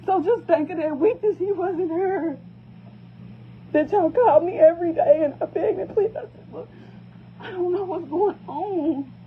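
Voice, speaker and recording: Her voice very high-pitched and her pace moderate, a parent speaks to camera in anguish, pleading over and over. The phone audio is tinny, with a bit of background noise.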